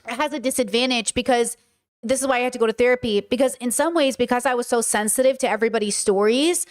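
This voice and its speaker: A young adult woman talks in a casual, passionate monologue, with a voice pitched a little high. She is emphatic and circles back to repeat her points as a podcast host. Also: fast.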